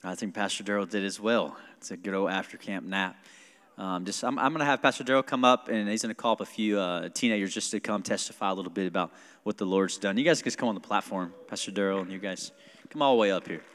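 A man leads a church service as pastor, talking in a loose, informal way with the odd filler. His voice sits low, and the sound carries a long reverb from the hall. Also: quick pace. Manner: relaxed, informal, hesitant with fillers. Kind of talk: casual church announcements.

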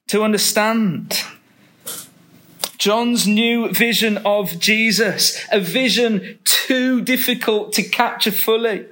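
Slow, deliberate male preacher. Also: high-pitched, bright, forceful tone. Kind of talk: sermon with scripture reading.

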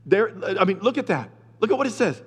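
A male pastor preaching a sermon, retelling scripture in casual slang and building to emphatic shouts. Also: high-pitched, sing-song, fast talker, slightly rough. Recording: long reverb of a large hall.

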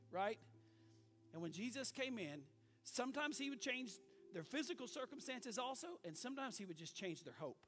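A middle-aged man preaching as pastor, folksy and animated, asking the congregation for amens. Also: extremely high pitch, normal speed. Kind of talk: sermon.

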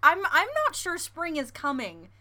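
A woman's voice: high voice, measured pace. A young woman co-hosting a podcast, chatting casually and giggling often, full of fillers. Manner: giggly, animated, many fillers. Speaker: podcast co-host. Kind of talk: casual chat.

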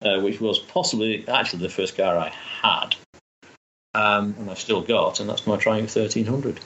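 A man's voice: on the low side, steady tone, normal speed, pushed and bright, highs cut off, slight background noise. A man chatting enthusiastically as a guest, rambling with restarts. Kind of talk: casual chat.

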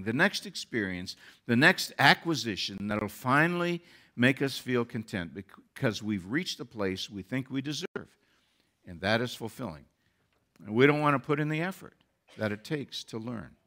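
A man's voice: medium pitch, expressive, normal speed, pushed and bright. A man who is a pastor, preaching a sermon with earnest rising emphasis.

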